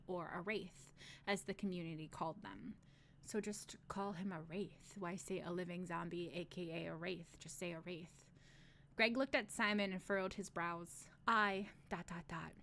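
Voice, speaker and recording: A woman reading a fantasy novel aloud on a live stream, steady in the narration and breaking off for joking asides. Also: fairly low pitch. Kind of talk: casual read-aloud with asides.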